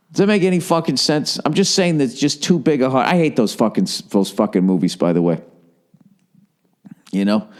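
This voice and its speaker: A man's voice: lowish voice, darkish tone. A man in his forties hosting a solo podcast from home, ranting profanely and sarcastically and mocking people in put-on voices. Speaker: podcast host. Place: home in Los Angeles.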